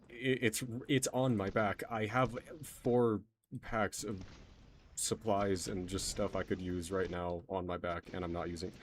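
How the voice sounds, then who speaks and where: Low voiced guy rambling thru a game stream, laughs at himself, bit of faint hiss. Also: flat delivery, a little slow. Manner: rambling, self-mocking, trailing off mid-sentence. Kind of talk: casual gameplay commentary.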